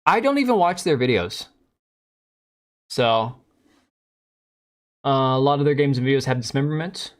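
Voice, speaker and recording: A man's voice: medium pitch, animated, normal speed, long pauses. Sarcastic man hosting a live stream. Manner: joking, sarcastic, reads and answers chat. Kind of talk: casual live-stream commentary.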